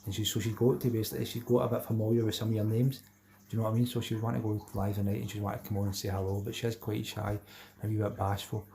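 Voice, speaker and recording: A man's voice: lowish voice, level tone, very fast, creaky, warm tone, slight background noise. A middle-aged Scottish man hosting a live stream, chatting casually with viewers and reading out their comments, repeating himself and calling everyone mate.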